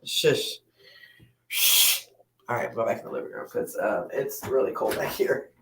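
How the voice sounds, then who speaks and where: A woman with a drawl chats on a late-night livestream from her house. She rambles and laughs a lot, getting sleepy as she goes. Her pitch rises and falls freely, and the room echoes around her. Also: animated, unhurried, noisy background. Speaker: livestream host. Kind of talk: late-night casual chat. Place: home at night, indoors. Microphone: laptop or phone mic.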